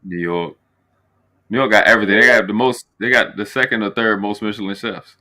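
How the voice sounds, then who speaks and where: A man's voice: lowish voice, fairly quick, bright, forceful tone. A man hosting a casual panel chat, teasing and bantering with his guests.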